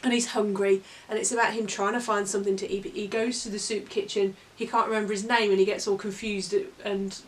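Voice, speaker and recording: A woman co-hosts a relaxed book review. She talks expressively and reads passages with drama. Her voice sounds slightly far from the microphone, at a middle pitch. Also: brisk, few pauses. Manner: expressive storyteller, dramatic when reading aloud. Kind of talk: casual book review chat. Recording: voice a little far from the mic.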